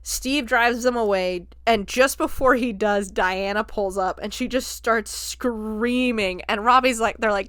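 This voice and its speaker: Young woman podcaster, animated, profane retelling, smooth clear voice, dry close sound. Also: on the high side, measured pace, hardly any pauses, no echo. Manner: profane, animated storyteller who jumps into quoted voices. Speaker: podcast host. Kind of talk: casual film review retelling.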